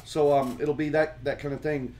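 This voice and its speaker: A man hosting a podcast in casual chat, rambling and halting with many fillers. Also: a little high, fairly even intonation, a little mellow, a little hiss or hum. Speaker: podcast host.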